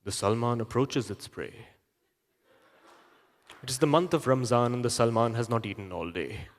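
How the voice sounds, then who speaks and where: A comedian playing a solemn male wildlife documentary narrator, slow and hushed. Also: mid-range voice, pitched below the performer's own voice, natural voice. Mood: grave. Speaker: stand-up comedian. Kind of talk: live stand-up comedy. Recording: reverberant hall, live stage mic.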